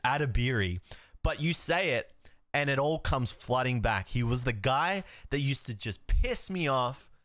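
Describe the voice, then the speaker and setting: A man's voice: medium pitch, dry recording, clean studio sound. A man, a card streamer, telling a story in a casual way, acting out the dialogue and swearing now and then. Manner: animated, swears, laughs, acts out dialogue.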